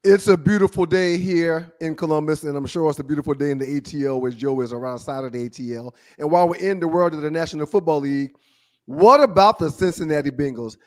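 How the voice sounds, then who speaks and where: High-voiced man posing pointed questions. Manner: leading questions, deliberate stresses. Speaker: sports talk co-host. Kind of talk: casual sports debate.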